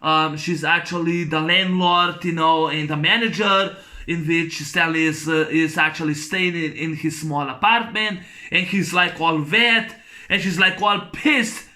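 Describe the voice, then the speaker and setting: A man's voice: a little high, steady tone, unhurried, sharp tone. A man giving a casual, rambling spoken film review. He is enthusiastic, halts over fillers and restarts, and laughs often as he retells scenes. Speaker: movie reviewer.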